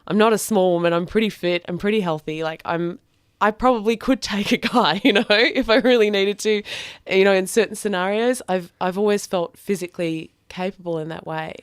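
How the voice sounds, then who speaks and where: A woman's voice: mid-range voice, fairly quick, clean tone, no room sound, clean studio sound. A woman, a podcast guest, telling a personal story frankly and reflectively, with plenty of fillers.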